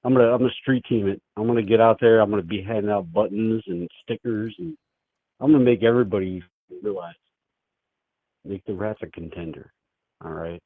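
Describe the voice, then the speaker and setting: A man's voice: lowish voice, a little fast, no room sound. A man calling into a show over the phone, rambling in a crude, laid-back way with lots of fillers. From United States. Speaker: caller. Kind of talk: casual phone chat. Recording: tinny phone line.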